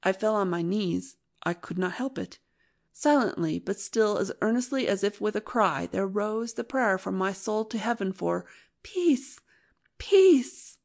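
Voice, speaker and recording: A woman narrates an old novel in a measured, earnest voice at a middling pitch. Her reading is steady and unhurried. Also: gravelly. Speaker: audiobook narrator. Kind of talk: scripted narration.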